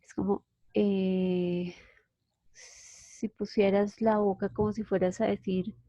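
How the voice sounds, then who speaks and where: A woman's voice: medium pitch, level tone, mellow, dry recording. Colombian woman teaching English, patient. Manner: patient, explains slowly with restarts. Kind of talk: online class explanation.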